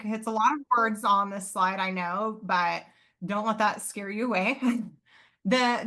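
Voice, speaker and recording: Wanita dosen cerah yang berbicara saksama. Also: female voice, medium pitch, bright, forceful tone. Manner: earnest, explanatory, with fillers and self-corrections. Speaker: psychology professor and presenter. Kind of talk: live online conference presentation.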